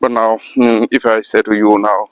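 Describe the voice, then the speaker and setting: A man from Assam, an artist and art teacher who talks to the camera in halting English, with many pauses. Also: lowish voice, flat delivery, clean tone, dry recording, poor audio. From Assam, India. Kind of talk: casual spoken talk to camera.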